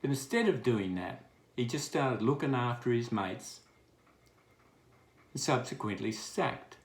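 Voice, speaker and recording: A man's voice: mid-range voice, animated, a little slow, reverberant. An Australian man delivering a scathing, crude and sarcastic political rant. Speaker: political commentator. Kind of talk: ranting political monologue.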